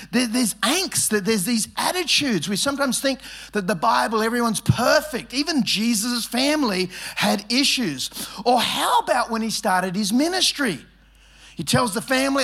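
A male pastor with a high, light voice delivers a sermon in a church. He jokes his way through the teaching, slipping into quick bits of dialogue as he tells family stories, then settles back into earnest preaching. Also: a bit bright. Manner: humorous storytelling, acts out family dialogue.

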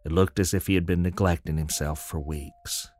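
A man's voice: deep voice, fairly even intonation, moderate pace, darkish tone, slight background noise. A man narrating a scripted audio drama in a folksy storytelling manner.

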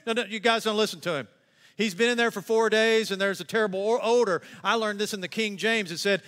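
Preacher guy, bright forceful voice, fired up, big echoey church hall. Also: fairly quick. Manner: animated preaching, acts out quotes in a higher voice. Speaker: pastor. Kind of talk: sermon. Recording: long reverb of a large hall.

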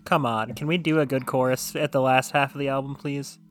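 A man co-hosting a casual album review, animated and critical, with plenty of "like". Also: mid-range voice, a little fast. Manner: critical, animated, says like often. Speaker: podcast co-host. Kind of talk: casual music review chat.

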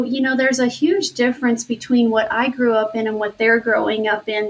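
A woman in her thirties tells her story of faith in an interview, with an earnest and heartfelt delivery that turns emotional at times. Her voice sits a little higher than most women's. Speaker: interview guest. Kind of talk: personal testimony interview.

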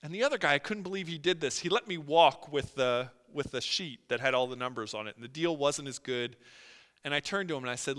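Male pastor, sermon delivery, lively storyteller, crisp high voice, long hall reverb. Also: fairly quick. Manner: animated storytelling with acted-out quotes.

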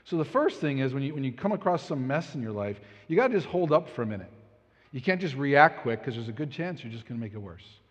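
A man's voice: mid-range voice, very animated, fast, husky. A man in his thirties giving a storytelling talk with a life lesson, rambling, conversational and self-deprecating. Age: 30s. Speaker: speaker. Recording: echoey hall, dull lo-fi sound.

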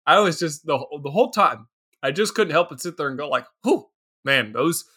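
A man co-hosting a podcast, chatting about a movie in an animated, excitable way with frequent laughter. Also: on the high side, quick pace, slightly rough. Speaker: podcast co-host. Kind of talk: casual movie recap chat.

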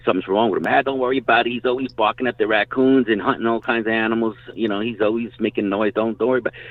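A middle-aged man, a guest hunter, swaps rambling hunting stories in a casual way and swears now and then. His voice sits lowish and sounds dry, carried over tinny phone-line audio.

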